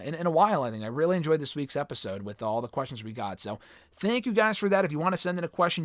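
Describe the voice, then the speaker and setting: A man whose pitch is fairly high and tone fairly bright hosts a casual solo mailbag show, answering fans' questions as his voice fades. He rambles opinionatedly, restarts himself, and swears occasionally. The studio-quality audio has no room sound.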